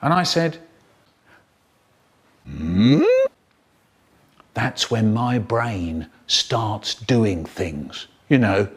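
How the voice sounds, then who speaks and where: A man telling spliced comic stories in an animated way, jumping between voices. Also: fairly low pitch, takes it slowly, hardly any pauses, slight background noise. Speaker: storyteller.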